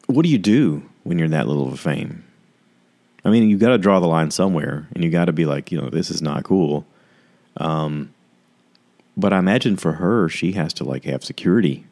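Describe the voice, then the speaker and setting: Deep-voiced rambling podcast host. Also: male voice, a little mellow. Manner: rambling, self-deprecating, full of fillers and asides. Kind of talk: casual rambling review chat.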